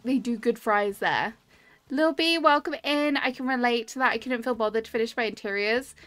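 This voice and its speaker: A woman with a fairly high, fairly bright voice live-streams a tour of game islands. She keeps up cheerful, casual commentary and greets her chat by name. Her webcam and desk mic give a dry close sound, with game music playing behind.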